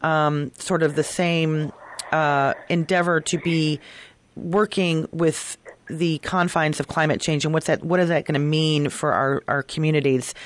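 A woman's voice: low voice, fairly even intonation, measured pace. A woman hosting a radio interview, thinking aloud as she asks her questions, with many fillers and restarts. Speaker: radio show host.

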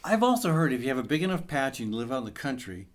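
A man's voice: medium pitch, big pitch swings, very fast. A man hosting a casual gardening radio chat, reading out listener questions with a joking manner. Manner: jokey, reads out listener questions. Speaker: radio show host.

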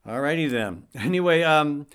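A man's voice: a little high, lively intonation, moderate pace, a bit bright, clean tone. A middle-aged man hosting a talk radio show, speaking conversationally and reading quotes aloud with wry asides.

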